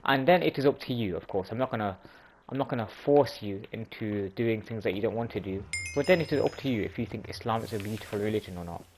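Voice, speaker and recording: A man's voice: on the low side, fast, a little hiss or hum, low-quality recording. A man hosting a religious video, explaining sayings in an informal way, often restarting and correcting himself. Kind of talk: casual explanatory talk.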